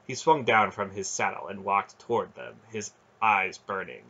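A man narrating a fantasy novel as an audiobook reader, steady storytelling with occasional restarts. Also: lowish voice, normal speed, hardly any pauses, husky.

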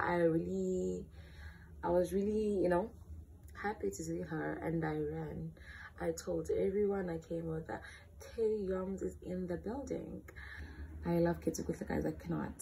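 A woman's voice: fairly low pitch, gravelly, a little hiss or hum. A young woman in her late teens with a South African accent, chatting candidly and playfully in a casual question-and-answer vlog. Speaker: vlogger.

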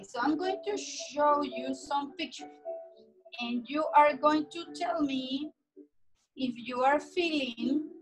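A woman teacher, leading an online class for young children from home over a video call, greeting each child in a slow, sing-song way. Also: sits high. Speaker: preschool teacher.

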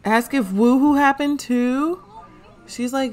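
A gaming channel host gives casual let's play commentary on a life-sim game, chatty and slangy, voicing what her characters are thinking. Her voice is fairly high and darkish in tone, her pace unhurried, with soft music in the background.

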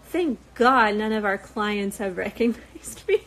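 A woman's voice: mid-range voice, sing-song, slow, fairly bright tone, poor audio. A young woman chatting casually with viewers, loose and rambling with frequent ums, sounding tired. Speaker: reality show cast member talking to viewers.

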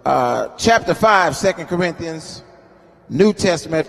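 A man in his fifties preaching at a funeral service, calling out to the congregation for responses and moving between quiet asides and loud, chanting scripture readings. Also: on the high side, animated, normal speed. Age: 50s. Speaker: guest preacher. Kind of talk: sermon at a homegoing service. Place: funeral home chapel. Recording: long hall reverb in a chapel.

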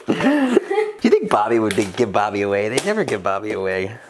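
A man hosting a casual vlog, joking around in a playful, loud, mock-dramatic way. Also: lowish voice, big pitch swings, brisk, background noise. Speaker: vlogger host.

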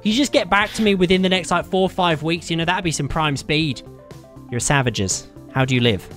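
A British man hosting a casual gaming session, loud and joking, often laughing and playing with mock slang. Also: fairly high pitch, brisk, soft background music. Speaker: gaming YouTuber host.

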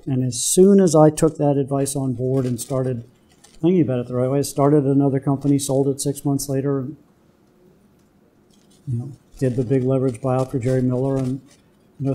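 An older man giving a guest lecture to students, telling business stories from his career and pausing to quiz the audience. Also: medium pitch, warm tone. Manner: anecdotal, quizzes the audience. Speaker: guest speaker, business executive. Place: university lecture room.

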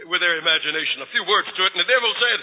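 A man's voice: high-pitched, racing. A male pastor preaching a sermon emphatically, calling out to his congregation, in a tinny recording from a hall.

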